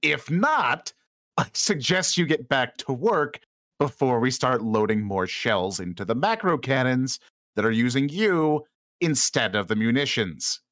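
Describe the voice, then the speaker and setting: A stern starship captain addresses his crew in a slow, pompous, commanding voice, as a man acts him out. He draws out each word over a lively melody, with a dry, close sound. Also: medium pitch, no echo.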